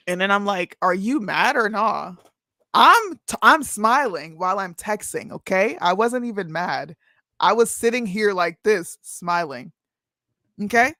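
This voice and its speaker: Brief: woman co-host, gravelly voice, monotone and deadpan, dry close sound. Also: medium pitch, measured pace, dry recording. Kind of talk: casual live-stream chat.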